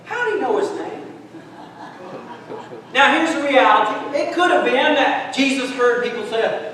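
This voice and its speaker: Brief: middle-aged man, folksy humorous preacher, high voice, recorded from far off with long reverb. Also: moderate pace, a bit bright. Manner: folksy storytelling with humor, calls listeners "friends". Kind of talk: sermon. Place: large church hall. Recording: echoey church hall recording from far off.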